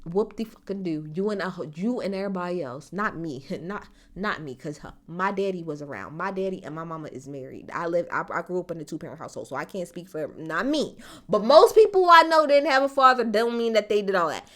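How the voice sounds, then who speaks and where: A woman's voice: on the low side, lively intonation, fairly quick, fairly bright tone. A young woman giving blunt, exasperated commentary in casual talk, swearing heavily. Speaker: commentator reacting to a court case.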